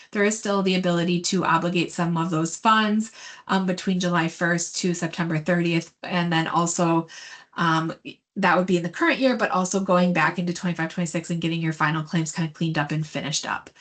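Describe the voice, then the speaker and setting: A woman's voice: lowish voice, a bit bright. A woman presenting program updates in an online meeting, hesitant, with frequent fillers as she works through slides. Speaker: state education program presenter. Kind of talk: webinar presentation.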